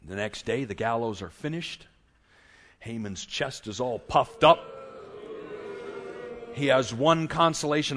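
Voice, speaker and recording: A male preacher retelling a scripture story in an animated, dramatic way. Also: medium pitch, a little slow. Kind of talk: sermon storytelling.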